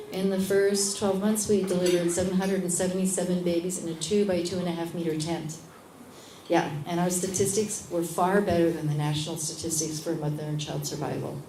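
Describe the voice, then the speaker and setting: A middle-aged woman, a midwife being interviewed, tells a story in a casual, animated way and acts out other people's lines. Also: lowish voice, brisk. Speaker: guest, midwife. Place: event space at a lunch gathering. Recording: echoey room with background noise.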